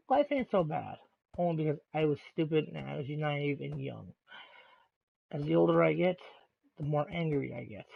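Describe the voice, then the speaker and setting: A man streaming live, delivering an angry rant in a deliberately calm, measured voice with halting pauses. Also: on the high side, vocal fry. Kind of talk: ranting monologue on a live stream. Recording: tinny, phone-like lo-fi sound.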